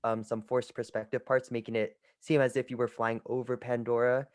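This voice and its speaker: A man's voice: mid-range voice, little pitch movement, a little fast, dry recording, clean studio sound. A man chatting casually on a podcast panel, enthusiastic and full of fillers. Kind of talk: casual chat.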